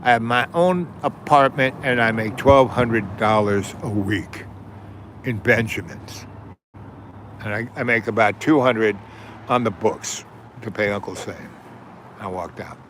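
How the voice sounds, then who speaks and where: A man's voice: lowish voice, unhurried, a bit bright, slight background noise. A man in his seventies hosting a livestream, telling a rambling, digressive story with plenty of profanity and trailing asides. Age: 70s. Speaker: livestream host.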